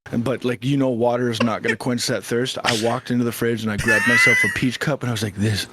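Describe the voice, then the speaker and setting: A man's voice: mid-range voice, wildly swooping pitch, fast talker, very noisy. A man guesting on a casual podcast, talking with hesitant restarts, easy laughter and casual swearing.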